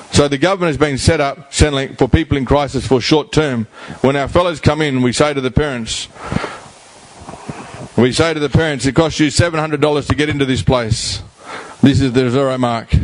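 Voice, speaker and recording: A middle-aged Australian man addresses a community forum in a blunt, colloquial way. He leans on repetition and slangy phrasing to drive his points home, and his voice sits at an ordinary middle pitch for a man. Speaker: rehab house founder speaking at a community forum. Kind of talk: blunt public talk.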